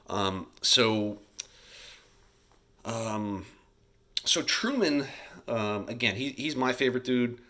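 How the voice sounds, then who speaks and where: A male teacher giving a casual recorded history lecture over slides, chatty and loose, talking straight to his students and acting out leaders in quick bits. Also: mid-range voice, expressive, pushed and bright. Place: home, recording alone during school shutdown.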